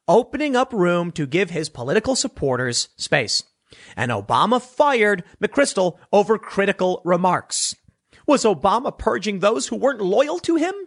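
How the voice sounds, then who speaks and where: A man's voice: sits high, fairly bright tone, slightly rough. A man giving blunt, sarcastic political commentary, reading news clippings aloud and often correcting himself mid-sentence.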